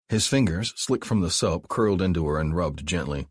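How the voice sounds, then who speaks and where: A man narrating an audiobook in a calm, even storytelling manner. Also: low voice, normal speed, hardly any pauses, slightly rough, no room sound, clean studio sound. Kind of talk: scripted narration.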